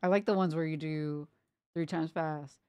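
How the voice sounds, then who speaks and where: A woman's voice: low-pitched, fairly even intonation, moderate pace, dark tone, clean tone, no room sound. A young woman chatting casually while she draws, playfully reciting tongue twisters and laughing at her slips. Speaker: art streamer. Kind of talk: casual chat while drawing.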